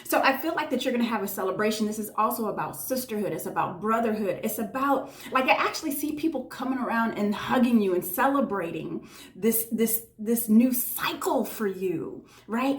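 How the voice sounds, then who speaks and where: A woman gives a tarot reading in an effusive, heartfelt monologue, often tagging her points with a quick "right?". Her voice sits a little on the high side. The sound has a roomy echo. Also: lively intonation. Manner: effusive, emotive, frequent "right?" asides. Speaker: tarot reader. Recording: echoey room.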